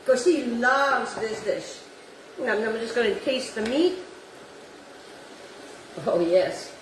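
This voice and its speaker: A woman's voice: a little high, measured pace, reverberant, distant mic, slight background noise, low-quality recording. A woman hosting a home cooking demonstration, gushing over the food and dropping in Italian words. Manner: effusive, repeats "beautiful" and "wonderful", drops Italian words. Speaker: cooking show host. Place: home kitchen.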